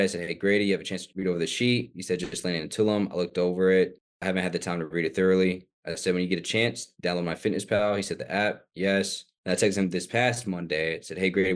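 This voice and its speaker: A man, a fitness coach, casually reading his text messages aloud on a coaching call. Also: sits low.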